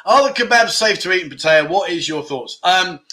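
A man's voice: sits high, expressive, normal speed, bright, forceful tone. A middle-aged man hosting a casual livestream, chatting and joking while reading out viewer comments. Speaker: livestream host.

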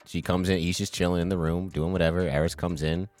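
A man co-hosting a casual podcast, animated and joking, often acting out scenes in funny voices. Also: low voice, quick pace, soft background music. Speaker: podcast co-host. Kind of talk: casual chat. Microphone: podcast mic.

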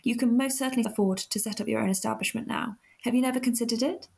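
A woman's voice: fairly high pitch, gravelly, a little mellow, husky. A woman reading as an acid-tongued, blunt young woman. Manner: acid, brisk.

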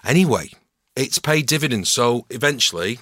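Bright-voiced middle-aged Mancunian man. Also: medium pitch, moderate pace, no echo, studio quality. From Manchester, England. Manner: relaxed storytelling, self-mocking asides. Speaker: guest actor and voice-over artist. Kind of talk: casual podcast chat.

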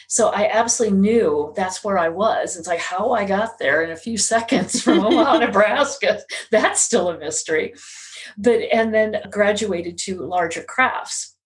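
A woman's voice: medium pitch, low-quality recording. A middle-aged woman chatting as an interview guest, voice in a middle range. She laughs easily and slips into quoted voices as she tells her story.

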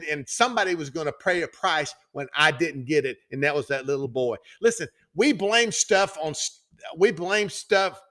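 Folksy higher-voiced male storyteller. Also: fairly bright tone. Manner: folksy, conversational, with heavy fillers and restarts. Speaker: podcast host.

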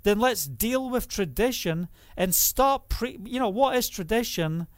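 A man's voice: high-pitched, expressive, measured pace, no room sound, clean studio sound. A man preaching a sermon, putting rhetorical questions to his listeners.

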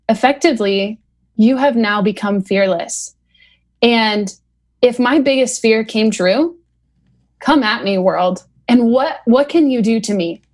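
A woman speaking on a podcast in an earnest, reflective way, taking slow, deliberate pauses between phrases. Her voice sits at an ordinary middle pitch. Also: a little mellow. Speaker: podcast guest, founder of athlete program. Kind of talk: heartfelt podcast conversation.

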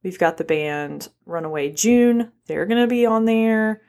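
A woman co-hosting a casual podcast chat, quiet and chiming in with short replies. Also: medium pitch, measured pace. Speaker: podcast co-host.

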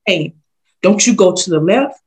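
A woman voicing a solemn male prophet who speaks in slow, grave commands, with a husky voice. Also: high-pitched, lively intonation, pitched below the performer's own voice, heavily acted.

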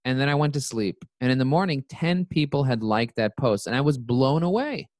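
A man's voice: medium pitch, expressive, brisk, a little mellow, dry recording. A man, a company CEO, telling his story as an interview guest and acting out his own quoted lines.

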